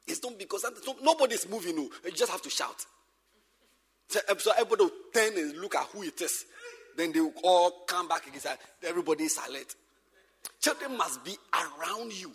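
A man preaching a sermon as a pastor, animated and repetitive, swinging from shouts to whispers. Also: high-pitched, brisk, breathy edge, in a large hall. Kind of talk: sermon to church workers.

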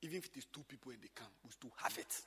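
A man, a pastor teaching a church group informally, swinging from loud exclamations to quiet asides. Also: medium pitch, lively intonation, very fast, long reverb tail, a little hiss or hum.

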